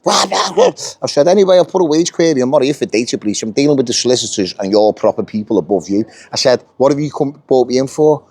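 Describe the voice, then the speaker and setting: A man's voice: mid-range voice, lively intonation, quick pace, hardly any pauses, dark tone, no echo. A middle-aged British man telling a workplace story in casual, blunt speech, swearing a lot and acting out the lines of others. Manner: blunt, heavy swearing, acts out quoted dialogue. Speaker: union member telling his story.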